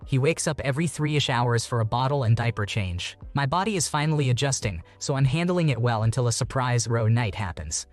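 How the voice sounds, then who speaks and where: A man reading online posts aloud in an even, steady voice and adding short comments of his own. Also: mid-range voice, a little fast, few pauses, faint music behind.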